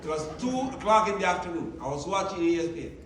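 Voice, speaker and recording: A man giving a motivational training talk to his team, telling lively stories and acting out the dialogue. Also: high-pitched, fast, a crowd in the background. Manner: animated storyteller, acting out dialogue. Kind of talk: motivational speech. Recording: roomy, distant sound with faint ambience.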